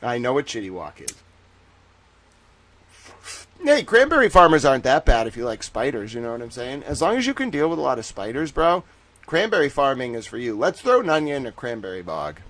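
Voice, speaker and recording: A man's voice: medium pitch, fast talker. A man with a Boston accent hosting a casual livestream chat, ranting and joking with heavy swearing and frequent laughter while talking to viewers in chat. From Boston, Massachusetts. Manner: animated, jokey, laughs often; addresses chat viewers by name. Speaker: livestream host.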